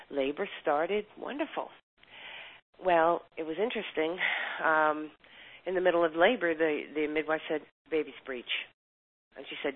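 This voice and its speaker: An older woman, a chiropractor, telling a story in an interview and acting out the voices of the people in it. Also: sits low. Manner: animated storyteller, acts out quoted voices. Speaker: chiropractor guest. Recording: tinny phone-line sound.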